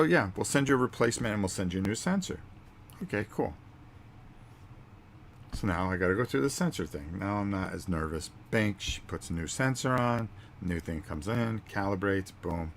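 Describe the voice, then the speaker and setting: A man's voice: sits low, normal speed, slight background noise. A man hosting his own vlog, chatting casually and rambling through a story with fillers and acted-out quotes. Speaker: vlog host. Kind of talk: casual chat.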